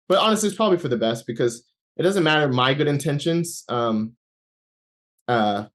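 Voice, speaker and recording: A man's voice: a little high, expressive, fairly bright tone. A man as an interview guest, telling a personal story in conversation with many fillers and restarts. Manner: halting, many fillers and restarts, laughs while talking.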